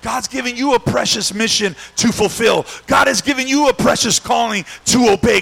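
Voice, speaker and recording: A male pastor with an unusually high voice and a gravelly, fried edge. He preaches with call-and-response, stretching out shouted refrains, then sinks to near-hushed talk. His tone stays bright and tense throughout. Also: poor audio. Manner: drawn-out repeated shouted refrains. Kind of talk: sermon.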